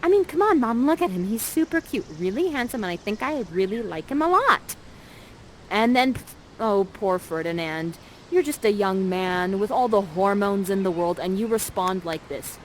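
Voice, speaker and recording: A woman's voice: mid-range voice, expressive, moderate pace, slight background noise. Bubbly woman narrating a live show. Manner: bubbly, playful, directing the audience. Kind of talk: interactive theatrical narration.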